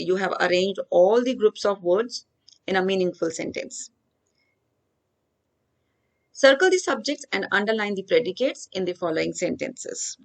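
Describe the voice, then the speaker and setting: A woman teaching grammar. She reads each worksheet example slowly, then explains the answer step by step. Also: medium pitch. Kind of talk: worksheet walkthrough lesson.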